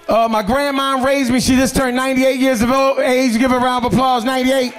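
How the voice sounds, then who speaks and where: A man from doing brash, profane stand-up, telling animated stories on a comedy stage. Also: very high-pitched, brisk, few pauses, slight background noise. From Philadelphia.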